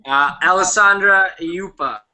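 A man's voice: high voice, unhurried, background noise. A man in a casual group chat, reading out fan questions and talking about his film work. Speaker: cast member reading questions.

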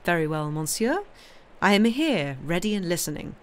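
Reading a novel aloud on a livestream, a woman with a fairly low, sing-song voice speaks at normal speed as a rich nobleman. She gives him a smooth, coldly ironic manner full of cool, polished irony.

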